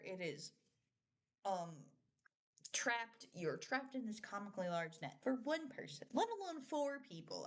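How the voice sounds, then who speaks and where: A young woman chatting casually on a live stream, rambling with lots of filler words and frequent giggles. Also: mid-range voice. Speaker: streamer reviewing a TV show.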